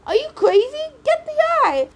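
A woman's voice: extremely high pitch, big pitch swings, moderate pace, slight background noise, pitched above the performer's own voice, full character voice. A woman reading an audiobook aloud, voicing an urgent, bossy teenage girl. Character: anxious, urgent teen girl. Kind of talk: audiobook character voices.

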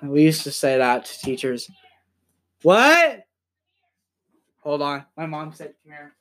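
A young man hosting a casual podcast from home, rambling and swearing as he talks in quick bursts. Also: fairly high pitch, steady tone. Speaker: podcast host.

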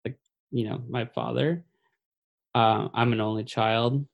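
A man sharing a personal story in a halting, somber way. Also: medium pitch, fairly even intonation, vocal fry, phone-quality sound. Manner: halting, full of fillers and restarts; somber, grieving.

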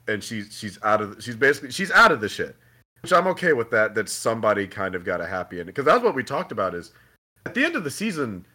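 A man co-hosting a podcast in casual chat, profane and animated, acting out scenes with laughter. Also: mid-range voice. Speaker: podcast co-host.

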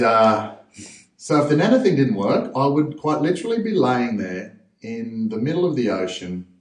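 An Australian man telling stories as a guest in a casual interview, animated and acting out other people's voices. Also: lowish voice. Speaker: podcast guest, freediver. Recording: roomy echo, distant from mic.

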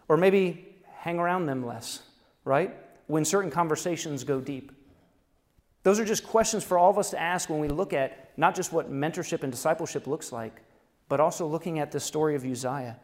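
Man preaching in a reverberant hall. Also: fairly high pitch. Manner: conversational preaching with rhetorical questions and chuckles. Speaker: pastor. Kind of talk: sermon.

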